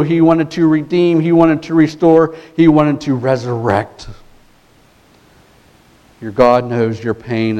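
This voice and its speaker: A man's voice: mid-range voice, darkish tone, dull audio. A man preaching a sermon as pastor, earnest and emphatic, building points through repeated phrases.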